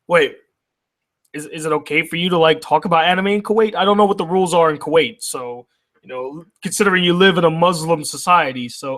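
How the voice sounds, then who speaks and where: A man's voice: a little high, a bit bright. A man hosting a casual livestream, reading viewer messages aloud and answering them in a loose, profane way. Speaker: anime reviewer reading live chat.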